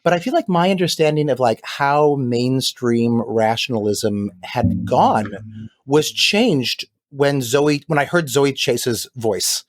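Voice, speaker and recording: A man's voice: medium pitch, slow pace. Rambling, hesitant male podcast guest. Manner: rambling, hesitant, many fillers and restarts. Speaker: guest, founder of a science teaching company. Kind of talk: casual chat.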